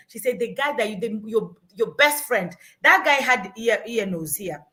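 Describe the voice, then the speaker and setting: Bright, high-voiced Kenyan woman. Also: brisk, few pauses. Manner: repetitive, emphatic, storytelling. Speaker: parenting guest. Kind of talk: earnest advice-giving conversation.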